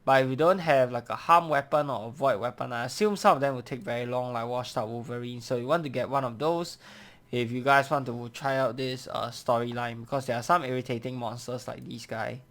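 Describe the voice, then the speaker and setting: A man talks through his gameplay in a tired, laid-back way. His commentary is dry and a bit sarcastic, delivered at an average pitch. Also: steady tone, brisk, hardly any pauses, a bit bright. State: tired, yawning. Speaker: gameplay commentator reading dialogue.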